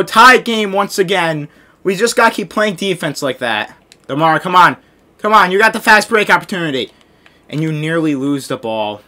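Excitable young man ranting over gameplay. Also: a little high. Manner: frustrated ranting, yelling at the game. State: overheated and sweating. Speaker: gaming video creator. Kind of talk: live gameplay commentary. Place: hot room at home.

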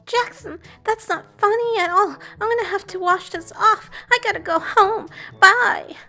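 A woman's voice: very high voice, normal speed, sharp tone, full character voice. A woman voicing a playful, squeamish little girl doll who giggles and squeals. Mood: grossed out.

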